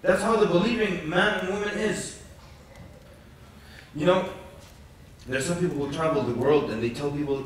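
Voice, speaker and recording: A man with a slightly high voice preaches to a conference crowd, lively and storytelling, acting out little quotes as he goes. He is heard from a distance in a very echoey hall with faint noise behind. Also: normal speed, long pauses. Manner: animated storytelling with jokes and acted quotes. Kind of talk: conference lecture.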